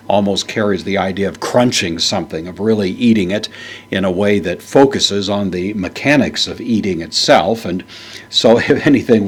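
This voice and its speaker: A man teaching a Bible verse word by word, parsing each word in a measured way with frequent fillers. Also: fairly low pitch, breathy edge. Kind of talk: unscripted Greek verse lesson.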